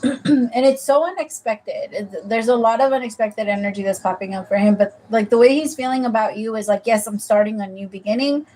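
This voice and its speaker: A woman's voice: fairly high pitch, a little fast, a little mellow, slight background noise, rough recording. A woman giving a casual, rambling tarot reading, chatting freely and calling the listener "my love". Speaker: tarot reader.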